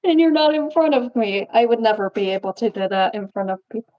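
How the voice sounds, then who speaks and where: A woman's voice: fairly high pitch, animated, a little fast, lo-fi sound. A young woman puppeteer chatting casually on a live-stream Q&A, rambling and laughing as she talks.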